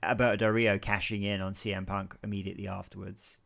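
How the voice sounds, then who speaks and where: Bright-voiced man in his thirties. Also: fairly low pitch, flat delivery, fast, creaky. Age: 30s. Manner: rambling, with many fillers and casual swearing. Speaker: podcast co-host. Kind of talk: casual chat.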